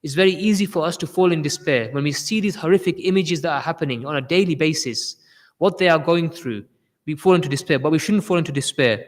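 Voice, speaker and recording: A man's voice: fairly high pitch, fast, in a large hall. A man delivering a Friday sermon with passion, often repeating his phrases for emphasis. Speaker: preacher giving a Friday sermon.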